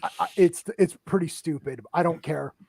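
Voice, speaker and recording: A man hosting a casual podcast chat, telling stories in an excitable, self-mocking way. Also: on the high side, normal speed, creaky, breathy edge, no room sound, studio quality. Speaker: podcast host.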